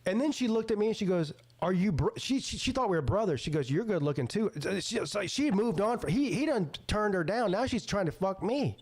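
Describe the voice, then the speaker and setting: A man's voice: high voice, a little fast, few pauses. A middle-aged man, hosting a casual podcast and telling a story with acted-out quotes and frequent laughter. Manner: animated storyteller, acts out quotes, laughs often. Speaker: podcast host.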